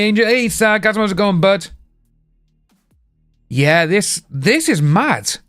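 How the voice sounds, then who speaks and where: A man's voice: a little high, fairly bright tone, clear, resonant tone. Chatty British man streaming. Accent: British English. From United Kingdom. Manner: rambling, chatty, greets viewers by name. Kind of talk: casual live-stream chat.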